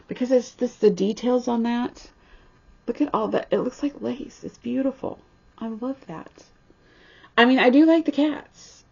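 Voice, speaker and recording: Casual female craft vlogger, gravelly and husky, gushing and snarky. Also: medium pitch. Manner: chatty, gushing, snarky asides, frequent restarts. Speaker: cross-stitch vlogger. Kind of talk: casual show-and-tell chat. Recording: slightly dull lo-fi sound.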